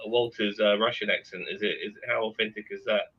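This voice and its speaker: A man's voice: lowish voice, steady tone, a little fast, dull audio. A man chatting enthusiastically and at some rambling length on a live panel. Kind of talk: casual live panel chat.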